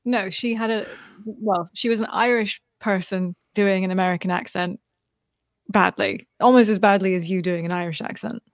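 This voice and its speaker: A woman's voice: medium pitch, steady tone, moderate pace, no room sound, clean studio sound. A woman co-hosting a podcast, chatting and teasing casually. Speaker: podcast co-host. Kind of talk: casual chat.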